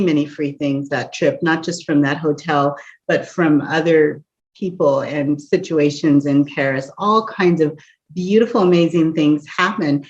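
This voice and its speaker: Animated woman telling a story. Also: deep voice. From United States. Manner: animated storyteller, laughs often, asides to listener. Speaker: empath coach. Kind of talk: storytelling encouragement talk. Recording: dull lo-fi recording.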